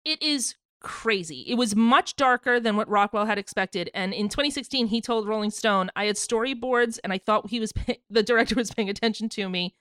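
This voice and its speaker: A woman co-hosts a music podcast in loose casual chat, laughing often and stalling on fillers. Her voice sits fairly high. The sound is dry and close. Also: a little fast, hardly any pauses, fairly bright tone, no echo. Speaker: podcast co-host.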